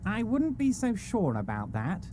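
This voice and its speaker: A woman's voice: mid-range voice, wildly swooping pitch, unhurried, mellow, a little hiss or hum. A woman voicing an oily male union boss. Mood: smooth. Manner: oily, falsely reassuring. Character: smooth-talking male union boss, middle-aged. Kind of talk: voicing a game character with friends.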